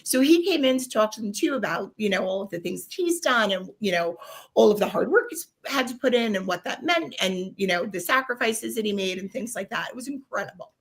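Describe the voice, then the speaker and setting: A woman's voice: medium pitch, fairly quick. A middle-aged woman guest with a New York accent, chatting animatedly on a video-call podcast with lots of fillers. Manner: animated, rambling with fillers and excited exclamations. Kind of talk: casual storytelling on a podcast.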